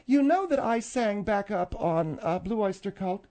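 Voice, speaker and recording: A man's voice: sits high, animated, unhurried, dark tone, voice pushed up. Man putting on a feisty older lady singer. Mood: indignant. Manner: indignant, defensive, gushing. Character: feisty older woman, a former backup singer. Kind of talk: radio comedy sketch.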